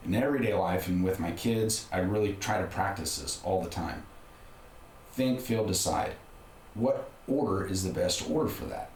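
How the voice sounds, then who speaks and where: Middle-aged man, very low voice, roomy sound, candid storyteller for an interview spot. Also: normal speed, a little mellow. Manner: candid, conversational, frequent restarts. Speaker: podcast guest. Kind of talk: casual personal storytelling. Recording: roomy room with faint background noise.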